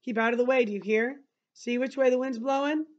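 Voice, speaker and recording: Woman reading a calm, firm father in a novel read-aloud; slightly high voice, muffled recording. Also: fairly quick, close to an everyday voice. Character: calm steady father, middle-aged man.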